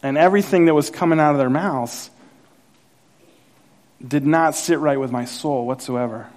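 A man preaching a sermon as pastor, telling a personal story with acted-out quotes and rising excitement. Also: normal speed. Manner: animated storyteller, acts out quotes, grows louder and higher as the story builds.

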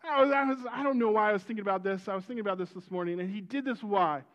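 A middle-aged man preaching with a high, bright-pitched voice. He tells personal stories from the pulpit with animated energy and breaks out in loud exclamations. The recording sounds muffled and lo-fi. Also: racing. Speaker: pastor.

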